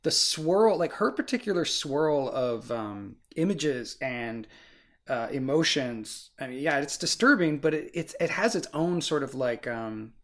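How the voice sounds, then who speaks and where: A man's voice: medium pitch, lively intonation, a little slow, fairly bright tone. A man co-hosting a casual book discussion, rambling and filling his talk with "like" and "you know". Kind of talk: casual chat.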